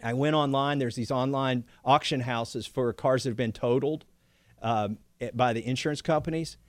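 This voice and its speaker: A man's voice: mid-range voice, normal speed, dry recording. A man, a congressman and guest, chatting casually and telling stories with frequent laughter. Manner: chatty storyteller, laughs often. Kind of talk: casual chat.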